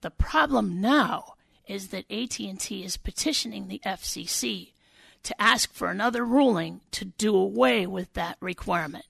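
Gravelly-voiced woman senator explaining. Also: medium pitch, a bit bright, no echo. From Wisconsin. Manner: earnest, explanatory, deliberate. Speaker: state senator. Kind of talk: radio interview answers.

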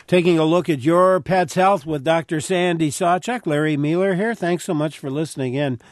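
A man's voice: a little high, no room sound, studio quality. A man hosting a public radio call-in show, reading phone numbers and plugs and welcoming callers. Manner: friendly announcer reads, quick plugs. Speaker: radio host. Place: radio studio.

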